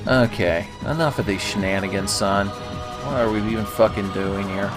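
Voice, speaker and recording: Sardonic, low-voiced man playing a game. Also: moderate pace, music in the background. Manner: sarcastic, swears often, jokey asides. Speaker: gaming video host. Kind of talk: casual gameplay commentary.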